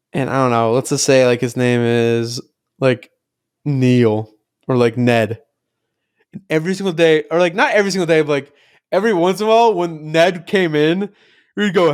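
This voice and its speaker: A young man chatting casually on a podcast, with a smooth, fairly high voice. He rambles through stories, leans on "like" constantly and swears freely. The sound is dry and close to the mic. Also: moderate pace, dry recording. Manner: rambling storyteller, heavy filler "like", swears freely. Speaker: podcast co-host. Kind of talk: casual chat.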